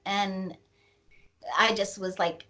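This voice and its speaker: A middle-aged woman, an author, slowly telling a painful personal story in an interview, with many pauses and fillers. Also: mid-range voice, flat delivery, pushed and bright. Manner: slow, reflective, with many fillers. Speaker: author and guest.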